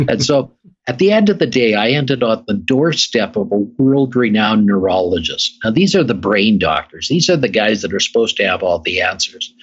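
A man's voice: mid-range voice, breathy edge. A middle-aged man, a guest on an interview show, telling his story emphatically and repeating phrases for effect. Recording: dull lo-fi recording.

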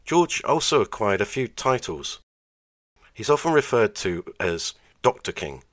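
A man's voice: on the low side, very animated, a little slow, a bit bright, no echo. A man narrating over archive clips, making sarcastic, dry asides.

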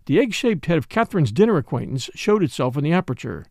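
A male narrator reads a classic mystery in an expressive, animated way. His pitch sits slightly high and swings widely, and the recording is close and dry with no room sound. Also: fast talker, creaky, no echo. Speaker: audiobook narrator. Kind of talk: scripted narration.

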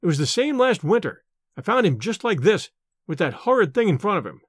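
A man's voice: high-pitched, big pitch swings, a little fast, breathy edge, no room sound, clean studio sound, exaggerated voice. A man voicing a nervous, overwrought young male scholar in a storybook reading, speaking in an agitated, fretful way.

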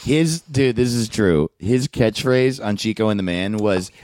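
A man with a low voice that rises and falls a lot, telling a story in a relaxed chat. He laughs easily. The sound is close and dry. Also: a little slow, no room sound. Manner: laid-back storytelling, laughs often. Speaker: podcast co-host. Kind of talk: casual chat.

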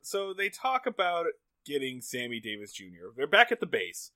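A man's voice: mid-range voice, wildly swooping pitch, moderate pace, pushed and bright, no room sound. A man co-hosting a casual podcast, recapping a TV episode with jokes, swearing and sarcastic asides. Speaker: podcast co-host.

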